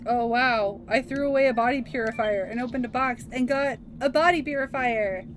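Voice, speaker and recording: Over game music and a faint hiss or hum, a woman in her thirties with a slightly high voice chats at a moderate pace while streaming a video game. She reminisces casually and laughs with ease.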